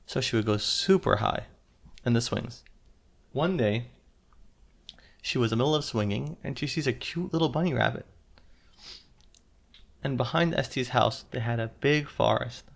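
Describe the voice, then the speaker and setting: Gravelly guy telling a little kid a story, asks questions along the way, gentle simple words. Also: medium pitch, moderate pace, pauses often. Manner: interactive, asks the listening child questions. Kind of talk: telling a children's story aloud.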